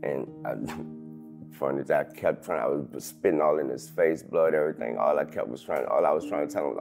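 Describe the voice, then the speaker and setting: A man in his thirties, an interview guest telling a painful personal story in halting sentences full of restarts. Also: rumbling low, creaky, soft background music. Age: 30s. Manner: halting, restarts sentences, loud when quoting others.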